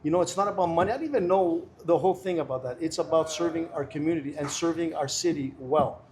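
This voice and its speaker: A man's voice: fairly high pitch, fast, a little mellow, a little hiss or hum. A middle-aged man talking earnestly and emphatically as a candidate guest in a casual interview. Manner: emphatic, earnest and persuasive, many restarts.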